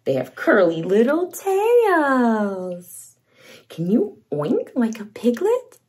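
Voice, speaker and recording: A young woman hosting a toddler read-along lesson, speaking slowly and playfully and imitating farm animal sounds. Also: on the high side, huge pitch swings, darkish tone. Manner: slow, sing-song, exaggerated for toddlers, imitates animal sounds. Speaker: children's show host.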